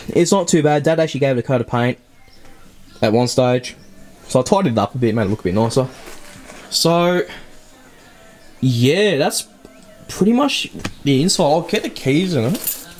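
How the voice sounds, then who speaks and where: A young man with an Australian accent chats his way through a walkaround of an old car, often losing his words and laughing them off. His voice sits in an ordinary middle pitch, picked up by the mic of a handheld camera inside the car. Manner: rambling and chatty, loses words, laughs often. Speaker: car channel host. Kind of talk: casual car walkaround vlog.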